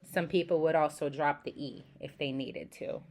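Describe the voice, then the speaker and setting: A young woman from the Boston area giving a casual class presentation, often pausing with "um" and demonstrating pronunciations aloud. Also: sits low, steady tone, a little mellow. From Boston area, USA. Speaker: student presenter.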